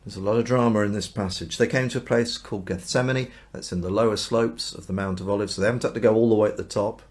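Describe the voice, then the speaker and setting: A man's voice: lowish voice, steady tone, quick pace. A man teaching the Bible in a chatty way, reading aloud and acting out the dialogue in everyday speech. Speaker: minister.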